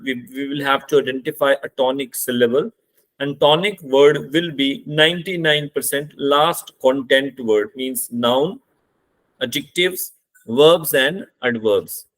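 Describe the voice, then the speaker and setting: A man with an Indian English accent, giving a deliberate spoken lecture as an English teacher and listing terms one by one. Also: mid-range voice, fairly bright tone.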